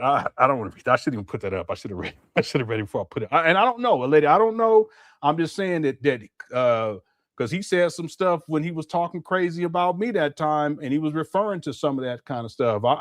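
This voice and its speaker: A man's voice: on the high side, a bit bright, no echo, studio quality. A man chatting casually on a live stream, musing aloud and repeating himself as he comments. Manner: rambling, musing, with a lot of repetition.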